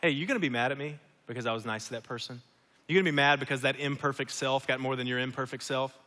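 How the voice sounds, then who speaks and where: A man voicing a gentle, patient Jesus, speaking softly and calmly to a listener in a sermon. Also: a little high, fairly quick. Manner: soft, calm, reassuring. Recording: long hall reverb.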